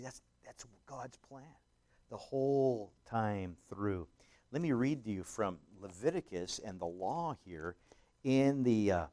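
A man preaching a sermon, emphatic and swelling loud on scripture, with many fillers and restarts. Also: on the low side. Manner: rambling with frequent fillers and restarts. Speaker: pastor.

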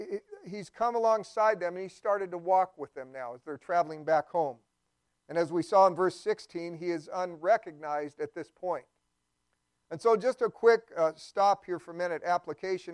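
Conversational male pastor, high clear voice. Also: no echo. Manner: conversational, repeats words while thinking aloud. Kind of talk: sermon.

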